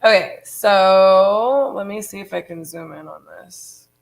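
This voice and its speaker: A woman's voice: medium pitch, slow, gravelly, rough recording. A woman co-founder of a real estate business talking casually and frankly on a live stream, full of fillers like "um" and "you know". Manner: chatty, frank, many fillers.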